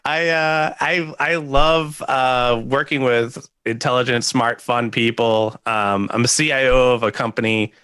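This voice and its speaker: Man, guest developer, self-deprecating storyteller, bright tone, dry close sound. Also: mid-range voice, unhurried, few pauses, clear, resonant tone, dry recording. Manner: laughs often, self-deprecating, animated storytelling. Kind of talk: casual chat.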